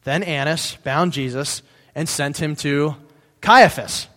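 A pastor giving a casual sermon, reading scripture aloud and breaking off to explain it in a conversational way, sometimes correcting himself. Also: male voice, fairly high pitch, slow, sharp tone. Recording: long reverb in a hall.

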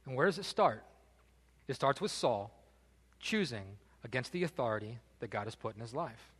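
A pastor tells his sermon as a lively story, his pitch leaping up and down. His voice is bright and forward, with throwaway jokes between points. A long hall reverb trails every phrase. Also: normal speed, husky. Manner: animated storytelling with casual asides.

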